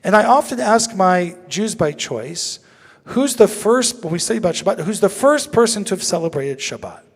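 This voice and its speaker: A man teaching as a rabbi, lively and joking as he asks the audience questions. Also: sits high, moderate pace, husky. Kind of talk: interactive teaching talk. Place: synagogue sanctuary. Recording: long reverb of a large hall.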